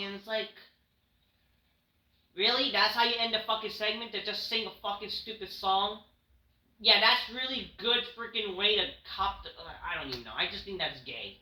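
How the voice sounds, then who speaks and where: A man's voice: sits high, moderate pace, bright, forceful tone. A man reviewing a wrestling show in a casual, profane rant, blunt and dismissive. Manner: blunt, dismissive, frequent swearing. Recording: roomy echo.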